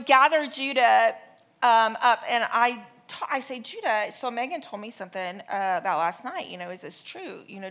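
Bright-voiced woman preaching a sermon. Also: on the high side. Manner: storytelling with animated, exaggerated re-enactments.

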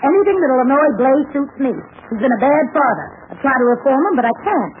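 An actress playing a sharp-tongued, cantankerous young woman in a 1940s radio drama. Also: sits high, lively intonation, quick pace. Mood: snappish. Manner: snappish, scornful. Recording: tinny scratchy 1940s radio broadcast.

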